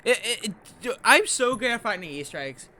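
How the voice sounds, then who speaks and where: A woman's voice: on the high side, big pitch swings, fairly quick, sharp tone. A woman gamer giving casual commentary as she plays, chatty and self-mocking, gasping and stammering as she reacts. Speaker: gamer playing on camera.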